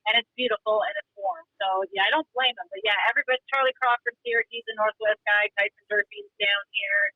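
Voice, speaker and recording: A woman's voice: a little high, fast talker, no echo. Chatty woman calling in from her car, voice jumps all over, muffled phone sound. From Montana. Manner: animated, talkative storyteller. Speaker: guest. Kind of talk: casual chat on a call. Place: driving in a car. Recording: dull phone-line audio.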